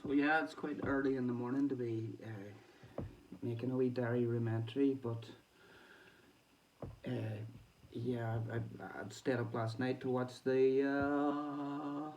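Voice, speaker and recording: A man's voice: medium pitch, flat delivery, a little slow, a little mellow. A man with a Northern Irish accent, talking in a rambling, chatty way in a casual diary-style vlog and laughing often. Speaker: boxing vlogger. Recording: distant mic with faint background noise.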